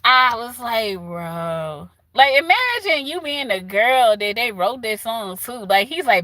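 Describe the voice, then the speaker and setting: A woman with a Southern US accent chatting casually with her livestream viewers, animated and laughing often. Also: a little high, slow, few pauses, no room sound. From southern United States. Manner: animated, laughs often, talks back to chat. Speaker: livestream host.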